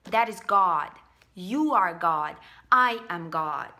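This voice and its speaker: Blunt, bright-voiced woman vlogging. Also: on the low side, animated, slow pace. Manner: blunt and emphatic, swears, repeats phrases for stress. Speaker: spiritual vlogger. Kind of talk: casual spoken monologue.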